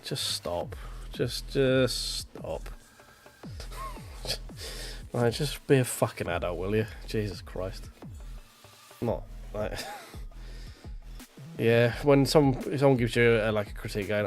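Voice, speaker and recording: A man's voice: fairly low pitch, takes it slowly, faint music behind. A millennial man, ranting bluntly and swearing freely in casual stream chat. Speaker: sim racing streamer.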